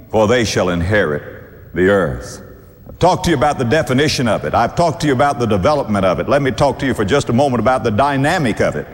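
In a large hall, a man with a medium-pitched voice preaches a sermon in an animated way. He draws out his scripture quotes and chuckles warmly now and then.

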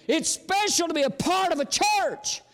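A man's voice: very high-pitched, moderate pace, fairly bright tone, in a large hall. A man preaching a sermon, folksy and storytelling, sometimes exclamatory and sometimes chatty. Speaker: visiting preacher.

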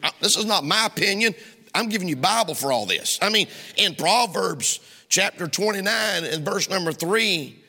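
A Southern US man delivering a sermon from the pulpit, emphatic and pressing, sometimes rising to a shout. His voice sits high with a sharp, bright edge and some gravel in it. The sound rings with the long reverb of a church hall. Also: lively intonation, normal speed. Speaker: preacher. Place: church sanctuary.

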